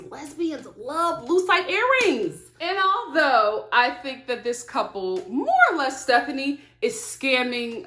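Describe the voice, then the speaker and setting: A woman giving a casual, animated recap of a reality TV episode, laughing often and talking back to the screen. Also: fairly high pitch. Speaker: TV show reviewer. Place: home filming setup. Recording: echoey room.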